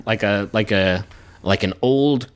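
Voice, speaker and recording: A man's voice: on the low side, measured pace, smooth. A man co-hosting a comedy podcast who cuts in bluntly with crude jokes. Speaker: podcast co-host.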